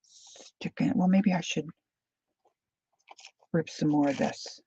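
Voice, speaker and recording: A woman hosting a live crafting stream speaks slowly in a low, mellow, husky voice with fairly even intonation. She rambles, pokes fun at herself, and chats with viewers by name. The recording is dry and sounds dull and lo-fi.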